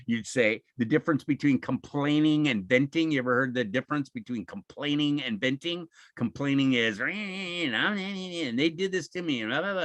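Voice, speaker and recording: A man's voice: mid-range voice, a bit bright, dry recording. A man giving an informal, encouraging webinar talk over a video call, often acting out what people say. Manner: conversational, encouraging, acts out quoted speech.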